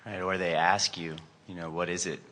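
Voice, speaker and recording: A man's voice: sits low, level tone, normal speed, bright, forceful tone. A man speaking casually and enthusiastically, agreeing with and adding to a conversation. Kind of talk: conversational questions and comments. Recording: long hall reverb.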